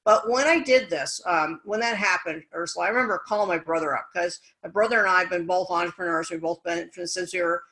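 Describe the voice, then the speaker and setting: A woman speaker and business coach telling her story as an interview guest, energetic and animated, acting out the dialogue she quotes. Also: fairly low pitch, fast, hardly any pauses, poor audio. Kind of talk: conversational storytelling.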